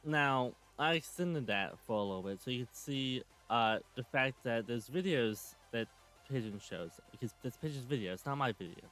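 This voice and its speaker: A man in his twenties hosts a commentary channel, delivering a sarcastic, swear-heavy rant as he reacts to clips. His medium-pitched voice is expressive and slightly bright, moving at a moderate pace with faint music in the background.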